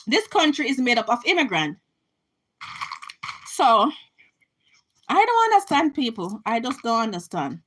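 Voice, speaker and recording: A woman's voice: a little high, big pitch swings, a little slow, pauses often, a bit bright, a little hiss or hum, low-quality recording. A Jamaican woman giving an impassioned political rant to her camera, emphatic and repetitive, often restarting her sentences. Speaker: vlogger.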